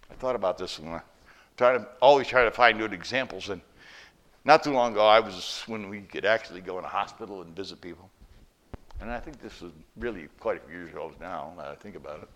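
A man preaching a sermon and telling a story, moving between hushed, quiet lines and loud, emphatic ones. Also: on the low side, quick pace. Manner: animated, swings from hushed to loud. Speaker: pastor.

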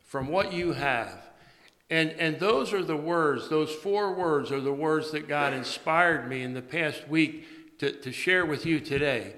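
A male pastor giving a morning sermon, speaking haltingly with many fillers and restarts. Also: a little high, sharp tone. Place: church sanctuary. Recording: long reverb of a large church.

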